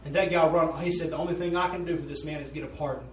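A man's voice: a little high, fairly even intonation, very fast, a little hiss or hum. A man preaching a sermon, telling a story in an earnest, folksy way. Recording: roomy echo, voice from a distance.

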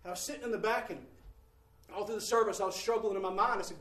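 A man giving a preached testimony in church, fervent, swinging from hushed to shouting. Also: high voice, very fast. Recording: echoey room, mic at a distance.

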